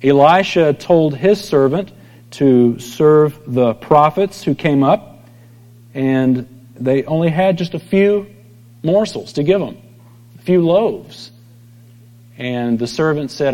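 A middle-aged pastor giving a conversational sermon, telling stories and acting out quoted voices. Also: male voice, on the high side, takes it slowly, dark tone. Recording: long hall reverb.

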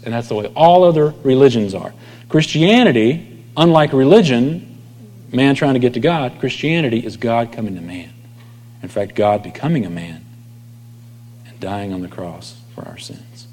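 A man delivers a sermon in a relaxed, conversational tone. His voice sits in an ordinary middle register and sometimes drops to almost a whisper at the ends of phrases. The sound carries a long reverb from a large room. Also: medium pitch, normal speed. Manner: conversational preaching, dropping to near whispers at line ends. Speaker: pastor.

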